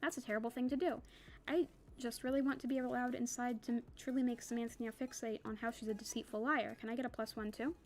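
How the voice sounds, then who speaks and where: A woman's voice: a little high, fairly even intonation, fast talker, natural voice. A woman reading the lines of Guilt, a nagging personified emotion in a novel. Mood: scolding. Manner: nagging, scolding.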